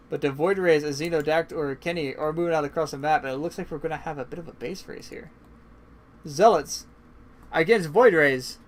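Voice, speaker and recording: A man giving casual, chatty play-by-play commentary on a strategy game match, swinging into excited bursts, and sounding tired. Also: on the high side. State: yawning, tired. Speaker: esports caster.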